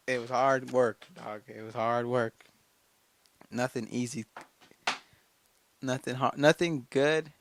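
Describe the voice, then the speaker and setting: A man's voice: medium pitch, fairly even intonation, unhurried, vocal fry, pauses often. A man of nineteen hosting his own podcast alone, giving himself and his listeners a fired-up motivational pep talk, swearing often and repeating phrases. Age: late teens. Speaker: podcast host. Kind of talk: casual solo motivational podcast monologue.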